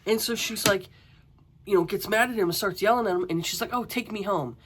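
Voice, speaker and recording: A woman's voice: medium pitch, fairly quick, noisy background. Exasperated woman ranting about a book. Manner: exasperated, ranting with swearing and rhetorical questions. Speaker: book reviewer. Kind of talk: casual book review monologue.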